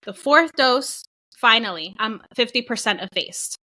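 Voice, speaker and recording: A woman's voice: fairly high pitch, unhurried, rough recording. A woman co-hosting a podcast, telling a personal story in casual chat and acting out what others said. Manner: animated, acts out quoted voices, swears casually. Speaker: podcast co-host.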